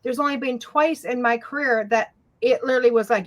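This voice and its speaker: A woman's voice: on the high side, brisk. A woman, a psychic medium guest, speaking frankly and acting out little bits of dialogue. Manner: frank, animated, acts out dialogue. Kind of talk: interview talk.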